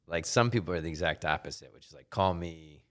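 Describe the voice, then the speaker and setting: A man's voice: extremely low pitch, very fast. A man, a politician from Ohio, telling stories in a casual chat as a podcast guest. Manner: animated anecdote teller, laughs often. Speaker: congressman and guest.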